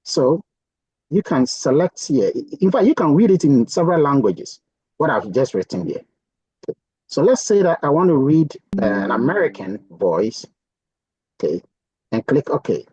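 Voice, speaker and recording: A man with a slightly husky voice explains software step by step in a casual, chatty way, often pausing with "okay". His pitch moves up and down a lot as he talks. The sound is dry and close. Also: very animated, no echo, low-quality recording. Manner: chatty, thinking aloud with many "okay"s. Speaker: software tutorial presenter. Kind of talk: casual screen-share tutorial.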